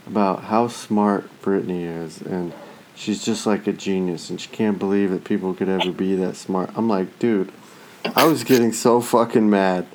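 A man's voice: low-pitched, moderate pace, background noise. A man in his thirties in casual chat, telling stories with a lot of swearing and acted-out quotes. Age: 30s. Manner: profane, animated storytelling with voiced asides.

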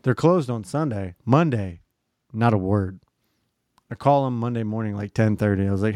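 A man's voice: fairly low pitch, moderate pace, dry recording, studio quality. A man in his thirties telling a long story in casual chat, swearing freely and acting out other people's lines. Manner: profane, animated, mimics other people in quotes.

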